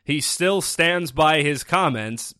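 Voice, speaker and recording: A man's voice: a little high, expressive, takes it slowly, sharp tone, clean tone, no echo. Man, sports podcast host, casual, sarcastic asides, dry close mic. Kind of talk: solo sports podcast commentary.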